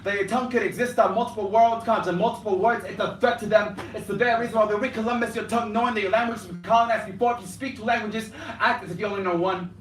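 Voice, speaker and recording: Performing slam poetry in a cafe, a young man moves back and forth between Spanish and English with a rhythmic delivery, his high voice steady and fast with few pauses. Faint music plays behind him, and the distant room mic picks up the cafe's echo.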